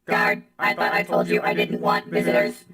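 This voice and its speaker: A text-to-speech voice playing a stern woman chief prosecutor in a game, flat, clipped and dismissive, with a robotic sound. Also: moderate pace, roomy sound, recorded from a distance, over loud music. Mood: cold.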